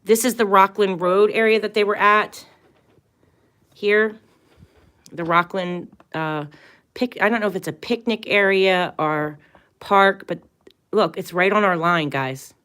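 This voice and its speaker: A woman's voice: mid-range voice, a little slow, pauses often, fairly bright tone, clean tone. A woman hosting a tarot and astrology livestream, talking casually in an earnest, emphatic way, rambling and restarting her sentences often.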